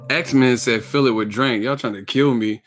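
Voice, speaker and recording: A man hosting a boxing live stream, hyped and slangy, rattling off quick shout-outs in casual chat. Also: mid-range voice, faint music behind. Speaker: boxing channel host.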